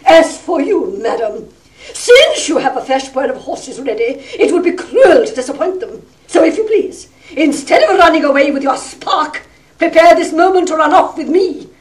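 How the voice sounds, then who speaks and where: A woman's voice: high voice, very animated, moderate pace, recorded from a distance. An actress playing a domineering middle-aged country mother who rants with scorn and sarcasm, in a 1960s stage play recording. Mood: scornful.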